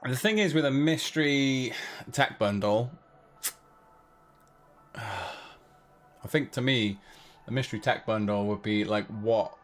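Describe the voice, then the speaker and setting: A man's voice: medium pitch, slow, pauses often. A man hosting a giveaway livestream, chatting casually to his viewers in a loose, rambling way full of fillers and restarts.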